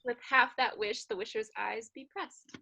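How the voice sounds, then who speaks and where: A woman's voice: fairly high pitch, steady tone, moderate pace, gravelly, bright, forceful tone, husky, full character voice, poor audio. A woman reading a modest, proper young woman. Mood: gentle.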